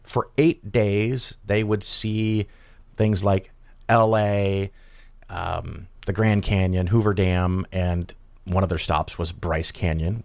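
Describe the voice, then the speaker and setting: A man's voice: deep voice, no echo. A man hosting a show, chatting casually and rambling with lots of fillers and restarts. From Chicago area, United States. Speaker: podcast host. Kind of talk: casual chat.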